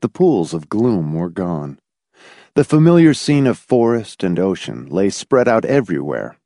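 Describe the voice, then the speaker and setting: Expressive low-voiced male narrator. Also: no echo, clean studio sound. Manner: measured, expressive reading. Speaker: audiobook narrator. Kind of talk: scripted narration.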